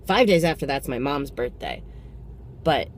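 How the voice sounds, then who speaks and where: A man in his thirties giving a heartfelt personal vlog reflection, pausing to count and correct himself. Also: mid-range voice, lively intonation, slight background noise. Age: 30s.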